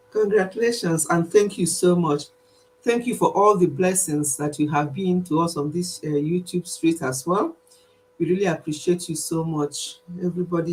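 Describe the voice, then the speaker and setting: A middle-aged woman with a Nigerian accent hosting a live stream chat, animated and emphatic, repeating herself and laughing often. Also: on the low side, slight background noise. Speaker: YouTube channel host.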